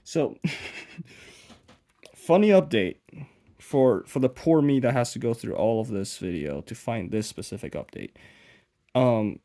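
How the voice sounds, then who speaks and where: A man's voice: medium pitch, animated, measured pace, creaky, pauses often, dark tone. Mumbling young man rambling while he works. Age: young adult. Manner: self-deprecating, mumbly, trails off and restarts. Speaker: vlogger. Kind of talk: casual rambling vlog while working.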